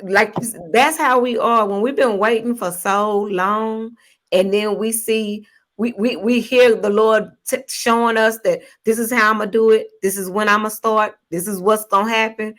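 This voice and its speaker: A woman's voice: mid-range voice, fairly even intonation, moderate pace, a bit bright. A woman hosting a ministry conversation, affirming her guest and reflecting on what she hears. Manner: affirming and reflective, frequent encouraging responses. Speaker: ministry host. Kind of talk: conversational interview.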